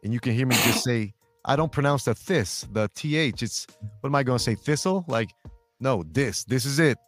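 Chicago-accented male DJ, mid-range voice, animated casual storyteller. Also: mid-range voice, normal speed, soft background music. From Chicago, USA. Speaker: DJ and co-host. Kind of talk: casual chat.

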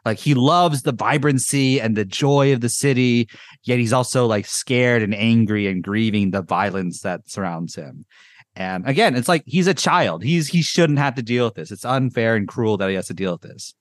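A man's voice: medium pitch, moderate pace, dry recording. Podcast host guy, rambly, says like a lot, dry close mic. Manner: rambling, many "like" fillers, excitable. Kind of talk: casual chat reviewing music.

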